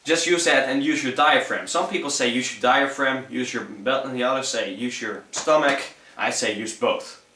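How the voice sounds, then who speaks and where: A young native Dutch speaker from the Netherlands gives a rambling, profane, laid-back vocal tutorial in English with a Dutch accent. His mid-range voice is bright and forceful, at normal speed with few pauses. The mic sits at a distance in an echoey room, with a little hiss or hum.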